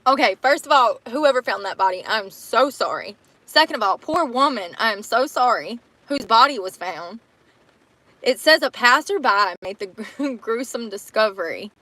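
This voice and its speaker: A woman's voice: a little high, lively intonation, moderate pace, sharp tone, dry recording. A young woman, chatting casually and reacting to a news story with blunt, laughing disbelief.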